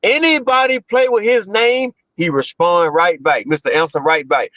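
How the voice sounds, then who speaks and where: A man with a high, lively voice delivers emphatic streetwise commentary on a livestream. He repeats himself for weight and talks in heavy slang. The sound is dry and a little dull. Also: normal speed, no echo. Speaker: livestream co-host.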